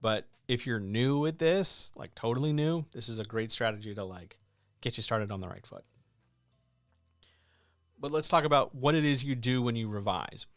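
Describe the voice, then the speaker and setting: An animated man of normal speed and mid-range pitch gives casual instructional talk as a writing coach and editor. He coaches emphatically, tossing out rhetorical questions, in a dry studio-quality recording.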